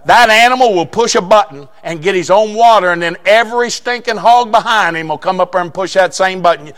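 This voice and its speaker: High-voiced folksy preacher. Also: male voice. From southeastern Indiana. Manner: folksy storytelling with bursts of shouting. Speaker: pastor. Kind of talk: sermon.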